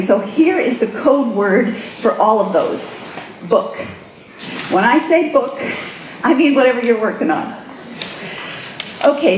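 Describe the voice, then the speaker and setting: A middle-aged woman giving a conference keynote, an animated storyteller who acts out her own inner voices. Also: on the high side, slight background noise. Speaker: keynote speaker. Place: conference room with an audience. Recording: echoey room with faint ambience.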